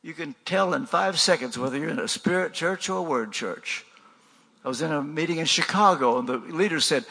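A man's voice: on the high side, fairly quick, gravelly, pushed and bright, husky, in a large hall. An older man preaching a sermon in a conversational way, asking rhetorical questions and repeating refrains.

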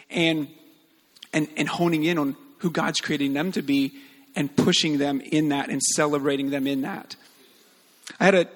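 A man giving an earnest, animated sermon-style talk on parenting, telling stories with many fillers. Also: a little high, long reverb tail. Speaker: speaker on parenting.

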